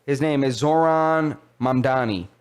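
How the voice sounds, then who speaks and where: A man's voice: mid-range voice, measured pace, clear, resonant tone. A young man co-hosting a podcast, chatting casually and acting out quotes in a raised, laughing voice. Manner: animated storytelling, acts out quotes in a raised voice with laughs. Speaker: podcast co-host. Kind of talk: casual chat.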